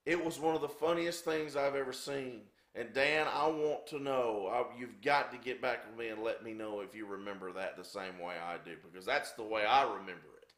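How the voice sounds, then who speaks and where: A man, a former wrestler, telling a backstage story with animated delivery and acted-out sound effects. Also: medium pitch, moderate pace, hardly any pauses. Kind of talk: anecdotal storytelling. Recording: roomy echo.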